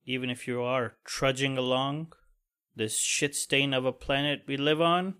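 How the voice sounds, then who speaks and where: A man's voice: medium pitch, fairly even intonation, measured pace, fairly bright tone, clear, resonant tone. A man hosting a solo podcast, venting about work in an angry, profane, pessimistic way. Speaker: podcast host. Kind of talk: casual solo podcast rant.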